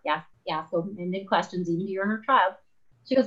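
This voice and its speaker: In a conversational interview, a guest author with a medium-pitched voice speaks a little fast. She tells stories animatedly, performing the quoted voices herself. The recording's highs are cut off.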